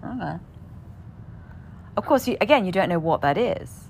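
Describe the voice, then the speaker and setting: A woman's voice: medium pitch, animated, fast, darkish tone, a little hiss or hum. A woman telling a personal story in a casual way. She often asks "right?", swears now and then, and sometimes drops to a whisper at the end of a phrase.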